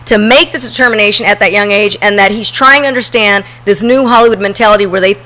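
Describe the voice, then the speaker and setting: A podcast co-host in casual chat, reacting quickly and reading out news. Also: medium pitch, sharp tone. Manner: quick reactive back-and-forth.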